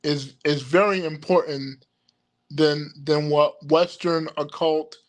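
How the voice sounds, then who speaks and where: A young man with a notably high voice drifts slowly through a casual livestream chat. He stumbles and restarts his words constantly, and keeps calling out to his viewers. His pace is unhurried and loose. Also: steady tone. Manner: halting, many restarts and stammered repeats, laughs often; addresses viewers directly as "y'all". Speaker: occult livestream host. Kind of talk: rambling casual livestream talk.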